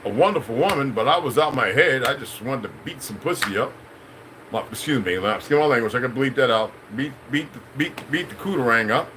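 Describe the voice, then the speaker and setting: A man's voice: medium pitch, animated, a little fast, noisy background. A middle-aged man, a channel host, in a rambling, profane, preachy unscripted monologue.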